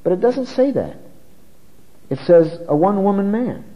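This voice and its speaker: Male preacher, slightly high voice, teaches through scripture with emphatic slow stresses; dull recording in a big echoing hall. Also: big pitch swings. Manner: emphatic, slows down to stress key words. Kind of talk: expository sermon. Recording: muffled recording with long hall reverb.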